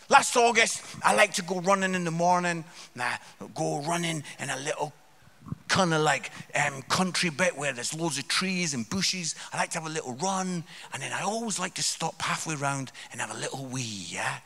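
A Scottish man, a comedian, telling stories to a church congregation with loud outbursts and low asides. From Scotland. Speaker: comedian guest speaker. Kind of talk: live comic storytelling to a church congregation. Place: church hall before a live audience.

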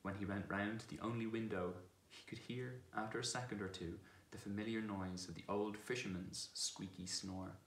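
A man narrating a storybook in a calm, measured reading. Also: on the low side. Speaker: reader. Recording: echoey room.

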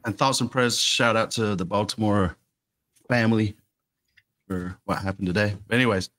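A man's voice: fairly low pitch, moderate pace, fairly bright tone. Laid-back rambling man. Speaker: co-host. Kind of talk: casual fan-show chat.

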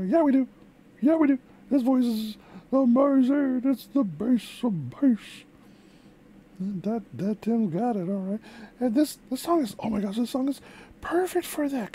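A woman voicing an excitable female puppet who hosts a music reaction vlog, gushing and exclaiming with lots of repeated words. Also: on the high side, a little hiss or hum. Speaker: reaction video host.

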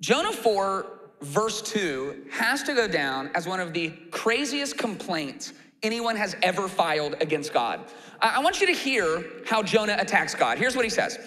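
Lively, high-voiced pastor preaching in a hall. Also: male voice, normal speed. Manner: animated, acts out quoted complaints in a raised voice. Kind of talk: sermon. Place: church auditorium.

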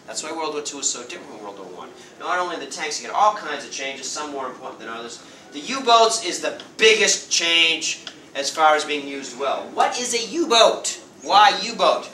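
Male history teacher, animated classroom lecturer, sharp bright tone, roomy distant classroom recording. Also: on the high side, a little hiss or hum. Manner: lively, acts out quick voices of nations and leaders. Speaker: high school history teacher. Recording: roomy classroom sound from far off.

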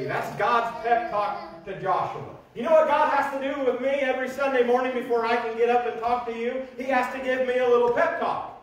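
High-voiced preacher in an echoey church. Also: male voice, fairly quick. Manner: folksy, humorous, animated preaching. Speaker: pastor. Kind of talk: sermon. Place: church sanctuary. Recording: very echoey church room from a distant mic, faint noise.

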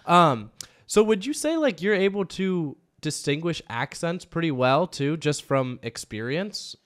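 A man's voice: fairly high pitch, expressive, unhurried, a bit bright. A man hosting an interview, speaking casually with many hesitations and fillers. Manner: hesitant, filler-heavy, friendly. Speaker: podcast host, sports play-by-play announcer.

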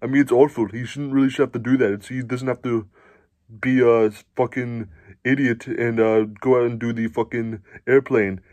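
A man's voice: mid-range voice, fairly even intonation, moderate pace, darkish tone, dry recording, lightly acted. A man doing a prissy commentator. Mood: mocking. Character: mocking male hockey-country sports commentator.

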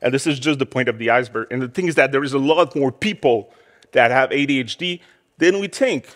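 A French Canadian man in his forties speaks brisk and a bit bright in a mid-range voice. He's a conference speaker delivering a candid, self-deprecating talk, and the hall adds long reverb.

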